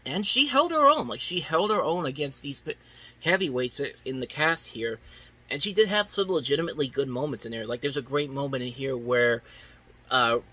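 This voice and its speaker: A young man talks through a movie review with loose, unscripted enthusiasm. His voice is bright and forward with a husky grain. He keeps restarting sentences and leaning on filler words. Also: mid-range voice, normal speed. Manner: rambling, many restarts and "like" fillers.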